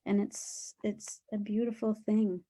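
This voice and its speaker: A woman's voice: mid-range voice, flat delivery, a little slow, dark tone. A woman talking earnestly and reflectively as an interview guest, with loose, rambling phrasing and many fillers. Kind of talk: reflective spiritual conversation.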